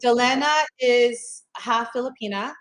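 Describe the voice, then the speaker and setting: A woman's voice: a little high, measured pace, rough recording. A woman hosting a casual interview over a video call, chatty and upbeat, talking her plans aloud and repeating herself as she goes. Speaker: host.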